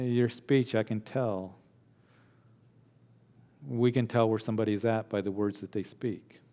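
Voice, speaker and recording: A man preaching a sermon with an animated, emphatic conversational manner. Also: medium pitch. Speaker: pastor. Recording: long hall reverb.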